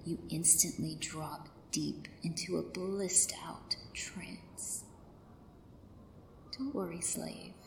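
Woman in slow whispered role-play, roomy. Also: fairly low pitch, steady tone, vocal fry. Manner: slow, commanding and soothing, drifting between soft voice and whisper. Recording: roomy echo, faint background hiss.

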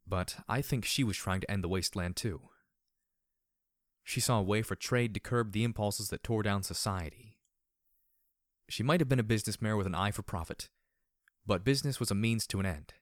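Low-voiced man narrating a story. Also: no echo, studio quality. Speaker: audiobook narrator. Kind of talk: first-person fiction narration.

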